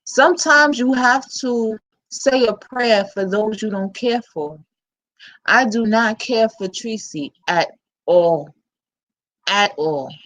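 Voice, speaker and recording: Unhurried New York woman, blunt, slangy vlog host. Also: on the high side, a bit bright, low-quality recording. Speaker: channel host. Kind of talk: casual commentary vlog.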